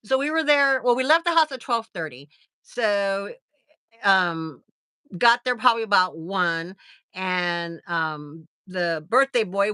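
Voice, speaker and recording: A woman's voice: medium pitch, sharp tone, no room sound, studio quality. A woman, chatting casually on a livestream, rambling with lots of fillers and gushing thanks. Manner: gushing and effusive when thanking viewers. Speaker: livestream host.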